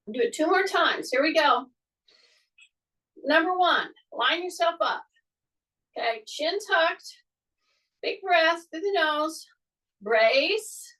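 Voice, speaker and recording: A middle-aged woman with a high voice and an unhurried pace leads an exercise class, chatting and repeating her cues. She is recorded in a home exercise room, a little away from the mic. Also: fairly bright tone, far from the mic, low-quality recording. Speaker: fitness instructor. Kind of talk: live exercise class instruction.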